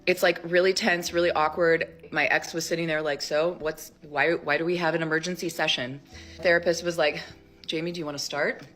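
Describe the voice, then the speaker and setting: Low-voiced chatty woman telling a story. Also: steady tone, a little fast, soft background music. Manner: chatty, rambling, heavy use of "like"; acts out quoted lines with sharp jumps up in pitch. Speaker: storyteller in a social media clip. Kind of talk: casual storytime monologue.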